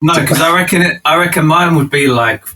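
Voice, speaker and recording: A man's voice: a little high, a little fast, sharp tone. A man from England with an Essex accent, a podcast co-host in casual, teasing chat. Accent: Essex English. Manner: teasing, jokey.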